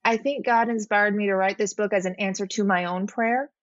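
A woman's voice: mid-range voice, steady tone, a little fast, no echo. Earnest woman, muffled dry recording. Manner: earnest, reflective storytelling. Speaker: podcast guest. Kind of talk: heartfelt interview talk.

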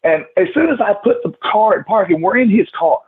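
A man's voice: high-pitched, expressive, brisk, slight background noise. A man telling rowdy stories as a podcast guest, swearing freely and acting out quotes, over a tinny call line. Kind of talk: casual storytelling.

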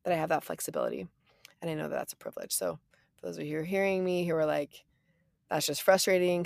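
A woman in her thirties co-hosts a podcast in an animated, playful way, full of "like" and "you know." Her voice sits low with a gravelly fry, and the sound is dry and close. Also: no echo. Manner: animated, playful, lots of fillers. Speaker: podcast co-host. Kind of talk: casual chat.

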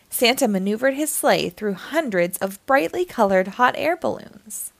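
A woman reading a children's picture book aloud as the storytime host, in an expressive storytelling manner. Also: medium pitch, a little slow, vocal fry, hardly any pauses, dry recording. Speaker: storytime reader.

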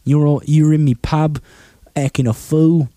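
A man's voice: on the high side, fairly even intonation, normal speed, mellow, no room sound, studio quality, pitched above the performer's own voice, natural voice. An American man putting on a swearing, mock-aggressive Cockney pub bloke in a put-on Cockney accent.

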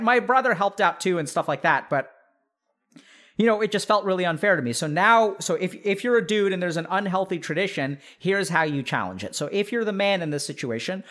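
High-voiced man giving animated advice. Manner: animated, acts out imagined family members mid-sentence; frequent fillers "like" and "right?". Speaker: podcast host giving advice. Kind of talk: casual advice monologue.

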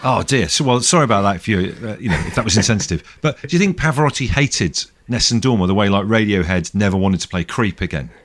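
A man's voice: lowish voice, animated, fast, hardly any pauses. A man in his thirties co-hosting a podcast over a video call, chatty and jokey in a casual chat. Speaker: podcast co-host.

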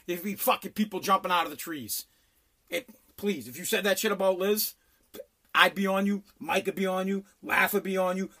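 A middle-aged man telling a blunt, profane story in a casual rant. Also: high voice. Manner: animated, profane, blunt storytelling with mock voices.

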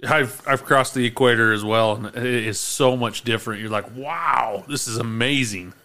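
A laid-back man chats easily, laughs a lot and swears casually. His voice is bright and sharp, at a medium pitch. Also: moderate pace. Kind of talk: casual chat.

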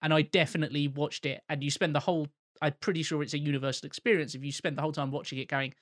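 A wry man from the UK co-hosts a casual film podcast, rambling through his points. His voice sits a little higher than most men's and is recorded dry and close. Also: level tone, very fast, a bit bright, dry recording. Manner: wry, rambling with fillers and restarts. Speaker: podcast co-host.

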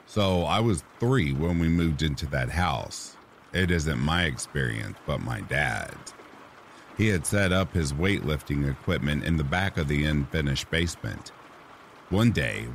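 Very deep-voiced man narrating sleep stories. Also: slight background noise. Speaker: horror story narrator. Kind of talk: calm sleep-story narration. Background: rain sounds.

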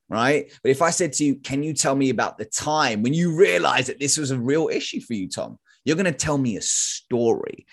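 A man, a sales consultant as podcast guest, telling animated stories in casual talk and acting out quoted lines. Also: mid-range voice. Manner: animated storytelling, acts out quotes; casual slang. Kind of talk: podcast interview.

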